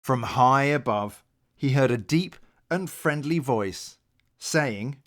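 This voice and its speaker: A man reading a children's picture book aloud at bedtime. He narrates at an unhurried pace, and his pitch rises and falls expressively. He tells the story gently. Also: animated.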